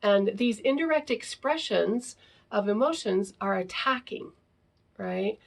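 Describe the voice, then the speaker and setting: A woman's voice: medium pitch, lively intonation, measured pace, gravelly. A woman teaching parents in a casual talk, often ending sentences with the question "right?". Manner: acts out example phrases to children.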